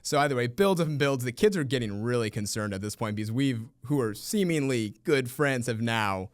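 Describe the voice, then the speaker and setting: A man in his thirties, a teacher telling a funny story in an interview, lively and laughing often. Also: medium pitch, moderate pace, dry recording, clean studio sound. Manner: animated, laughs often, acts out quoted voices.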